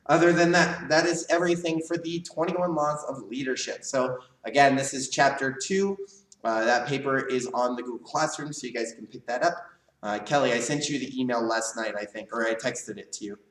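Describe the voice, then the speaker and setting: A man leads a live leadership class for karate students, explaining ideas in a casual coaching manner and checking in with "right?" as he goes. His voice sits at an ordinary middle pitch. He stands a little back from the mic in an echoey room. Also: normal speed, fairly bright tone, far from the mic. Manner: casual coaching tone, asks "right?" often, varies volume. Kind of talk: live online class lecture.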